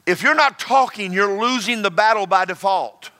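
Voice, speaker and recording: Bright-voiced preacher, folksy and forceful. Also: male voice, high voice, moderate pace. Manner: folksy and joking, shifting between loud exhortation and quiet storytelling. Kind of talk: sermon.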